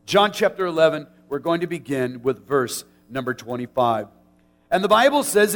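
A man's voice: a little high, big pitch swings, normal speed, a bit bright. A man preaching and praying at a funeral service, earnest and heartfelt, sometimes stumbling and restarting his words. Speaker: pastor. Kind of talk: funeral sermon with scripture reading and prayer.

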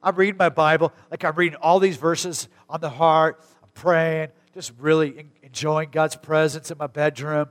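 A middle-aged man from Arizona preaching a sermon. He speaks in a conversational, animated way and often breaks into sudden loud, high bursts. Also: normal speed, hardly any pauses. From Arizona, USA. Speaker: pastor. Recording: long reverb of a large hall.

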